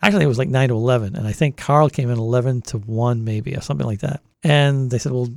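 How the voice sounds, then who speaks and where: A man's voice: mid-range voice, fast talker, vocal fry, a little mellow, no echo. A man in his sixties with a Boston accent, recalling his years at a college radio station in a rambling oral history interview. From Boston area. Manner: rambling storyteller, many restarts. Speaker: longtime college radio volunteer.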